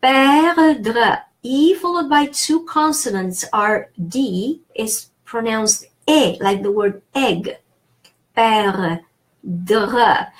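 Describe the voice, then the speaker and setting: French-accented woman teaching pronunciation. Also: fairly high pitch. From France. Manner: explanatory, thinks aloud with fillers and restarts. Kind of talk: pronunciation lesson.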